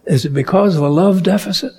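A man preaching a sermon slowly and deliberately, rising to emphatic peaks on key words. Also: sits high, creaky, darkish tone, slightly rough.

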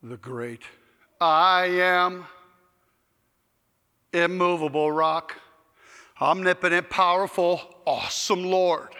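Slow reverent man in a reverberant hall. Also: high-pitched, pushed and bright, clear, resonant tone. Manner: slow, deliberate, reverent listing. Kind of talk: spoken prayer of praise.

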